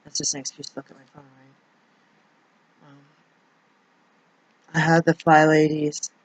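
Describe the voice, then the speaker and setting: A woman's voice: low voice, flat delivery, unhurried, no echo. A woman talking through a personal confessional monologue as a vlogger. She rambles and hesitates, restarting her sentences often. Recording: dull, dry lo-fi recording.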